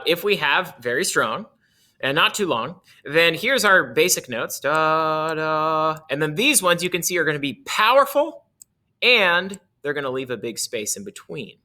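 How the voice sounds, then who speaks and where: A man's voice: fairly high pitch, bright, forceful tone. A male music teacher explaining articulation in a casual way, correcting himself as he goes and demonstrating on his instrument.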